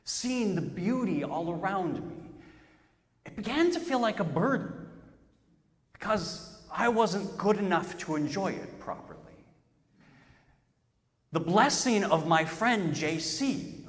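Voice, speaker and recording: Brief: male pastor, sermon storyteller, lively and self-deprecating, reverberant church hall. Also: high voice, takes it slowly. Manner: storytelling, self-mocking, emphatic.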